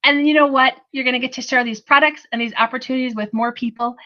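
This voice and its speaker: Upbeat woman trainer, high bright voice, chatty pep talk, dull lo-fi recording. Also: fairly even intonation, fast talker. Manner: upbeat, chatty, addresses the audience as "you guys". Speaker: sales trainer.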